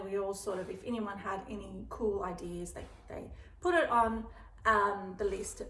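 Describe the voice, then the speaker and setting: An Australian woman who vlogs about dogs chats casually in a medium-pitched, slightly bright voice, rambling and breaking off to talk to her dog. The room sounds echoey, with a faint hiss in the background.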